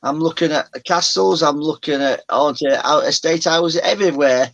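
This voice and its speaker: A man's voice: on the high side, normal speed, creaky, fairly bright tone, dull audio. A man from Yorkshire with a mild Yorkshire accent, chatting as a guest over a video call, rambling and often restarting his sentences. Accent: mild Yorkshire English. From Yorkshire, England. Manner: rambling, many restarts and self-corrections. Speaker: guest, paranormal show presenter. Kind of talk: casual video-call chat.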